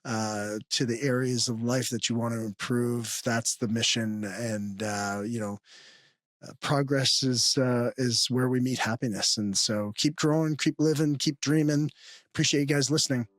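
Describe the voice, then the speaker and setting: A man's voice: medium pitch, steady tone, normal speed, no room sound, studio quality. A man hosting a podcast, talking in an easygoing way with many fillers. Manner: easygoing, filler-laden delivery. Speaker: podcast host. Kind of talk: podcast chat and outro.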